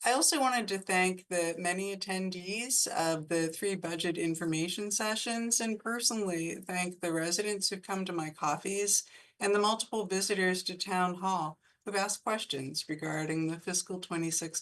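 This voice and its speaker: A woman with a notably low voice, delivering an official report at a town board meeting. Her delivery is formal and prepared, read with care. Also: moderate pace, fairly bright tone, rough recording. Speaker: town administrator.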